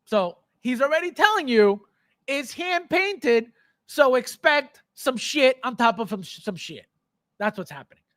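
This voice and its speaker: A man hosts an unscripted livestream rant, blunt, emphatic and profane, repeating himself and reading viewer comments aloud. His voice is very high-pitched with big pitch swings, a measured pace and a slightly bright tone, in a dry, studio-quality recording.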